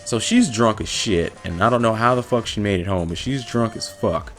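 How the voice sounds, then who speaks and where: A man's voice: fairly low pitch, normal speed, soft background music. A man vlogger telling a funny story from his past in a casual, blunt and profane way. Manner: profane, blunt, animated retelling.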